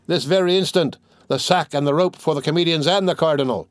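A man doing a rowdy crowd of old Parisians in a storybook, yelling for the show to start right now in a pitched-up, insistent voice. The sound is close and dry, with no room around it. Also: brisk, dry recording, close to an everyday voice. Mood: impatient, demanding. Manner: shouting impatiently. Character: excited male crowd of Parisians demanding the play.

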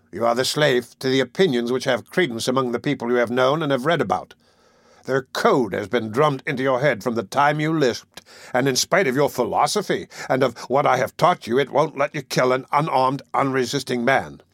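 A man reads a hard, domineering sea captain from a storybook, speaking slowly and with open contempt. His voice sits at a middle pitch and sounds close and dry, with no room around it. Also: creaky, a bit bright, dry recording. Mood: scornful. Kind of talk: audiobook character voice.

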